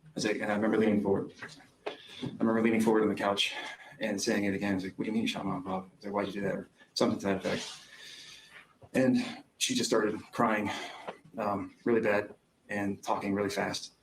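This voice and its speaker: A man's voice: lowish voice, level tone, quick pace, noisy background. A young man testifying as a witness in court, recounting events hesitantly with frequent ums. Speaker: trial witness.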